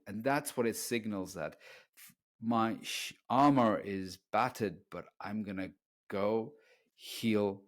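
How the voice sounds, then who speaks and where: A middle-aged man co-hosting a podcast, speaking earnestly and getting animated when he quotes others. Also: on the low side, slow pace. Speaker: podcast co-host, dating coach. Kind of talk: casual podcast conversation.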